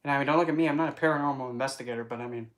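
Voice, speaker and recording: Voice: mid-range voice, racing. A vlogger talking casually to camera in a chatty, rambling and playful way, often breaking into put-on voices. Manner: playful, wordplay and asides. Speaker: spiritual vlogger.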